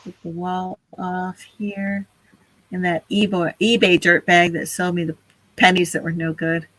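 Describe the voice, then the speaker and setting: Bright-voiced woman hosting a live stream. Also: on the low side, level tone, unhurried, dry recording, low-quality recording. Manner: chatty, laughs often, talks to chat. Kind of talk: casual live stream chat.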